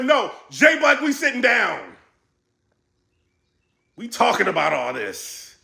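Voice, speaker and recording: Man, excited commentary vlog, very animated, echoey room. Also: on the high side, unhurried, creaky, pauses often. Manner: animated, laughing, quoting others in a raised voice. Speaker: battle rap commentary vlogger.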